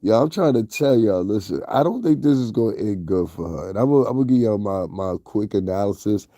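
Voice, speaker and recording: A man with a Northeastern US accent delivers casual gossip commentary in a blunt, profane way, talking straight to his viewers. His voice sits fairly low and mellow. The recording is close and dry, with no room sound. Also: animated, fairly quick, no echo. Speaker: commentary vlogger.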